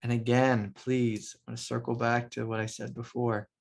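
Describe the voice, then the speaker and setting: A man speaking as a spiritual teacher, his voice a little gravelly and sitting at an ordinary pitch. He talks in a loose, reflective way, filling pauses with "like" and soft laughs. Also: little pitch movement. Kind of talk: casual spiritual talk.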